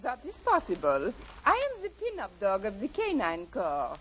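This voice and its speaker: An actress playing a coy, playful, glamorous French poodle with a put-on French accent, in 1940s radio comedy. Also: female voice, mid-range voice, wildly swooping pitch, normal speed, breathy edge, heavily acted. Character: coy, glamorous French poodle pin-up, adult female dog. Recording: loud hiss, muffled 1940s radio recording.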